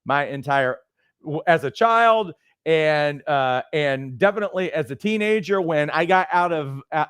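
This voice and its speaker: A middle-aged man and life coach trainer who teaches through animated, conversational personal stories. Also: a little high, clean tone, no room sound. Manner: conversational, lots of fillers and restarts, animated storytelling.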